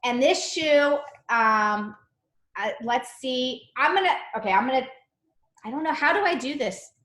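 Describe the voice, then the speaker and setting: A woman's voice: sits high, lively intonation, a little slow, a bit bright. A woman teaching a live online cookie decorating class, chatty and bubbly, with a slight cough. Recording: echoey room.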